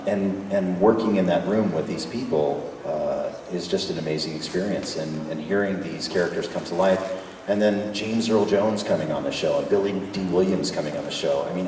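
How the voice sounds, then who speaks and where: Very deep-voiced man in a hall. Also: a little mellow. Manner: enthusiastic, joking, easygoing. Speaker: guest voice actor at a fan panel. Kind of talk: convention Q&A answers. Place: convention hall. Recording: echoey hall from far off with faint noise.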